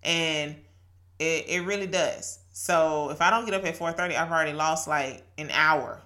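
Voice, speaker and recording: Woman, late 30s to 40s, podcast host. Lowish, bright tone. Casual, earnest devotional talk, quick to laugh. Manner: earnest and chatty, laughs often, quotes scripture.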